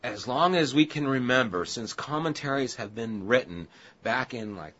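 A man preaching a sermon, telling a humorous personal story and then turning earnest and quiet. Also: mid-range voice, expressive, moderate pace. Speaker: pastor. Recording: dull lo-fi audio with faint hiss.

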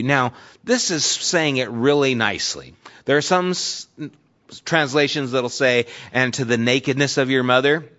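Male pastor, middle-pitched voice, conversational sermon delivery with dramatic scripture reading, dull lo-fi recording. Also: a little slow, a bit bright.

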